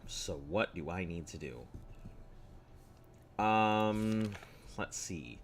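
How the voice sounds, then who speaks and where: In this casual gameplay stream, a man rambles and thinks aloud while reading on-screen text, speaking very slowly with long pauses. His voice sits on the low side and is animated, with a slightly rough, throaty quality from clearing his throat often.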